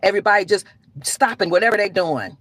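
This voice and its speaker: A woman's voice: mid-range voice, animated, fast, fairly bright tone, no echo. A woman talking to camera in an emphatic, rambling, preachy rant with frequent restarts. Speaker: online commentator.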